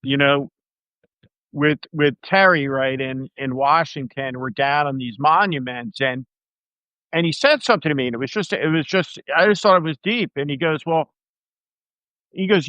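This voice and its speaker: A man's voice: on the high side, normal speed, pushed and bright, dry recording, highs cut off. A man in casual political talk, emphatic and rambling, with many fillers and restarts. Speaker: political commentator.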